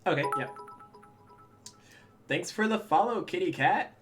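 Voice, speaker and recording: A man running a tabletop game for a stream, easygoing and chatty. His pitch moves around a lot, and he speaks at an unhurried pace. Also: animated, a bit bright, faint music behind. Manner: laid-back, chatty, lots of fillers. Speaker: game master.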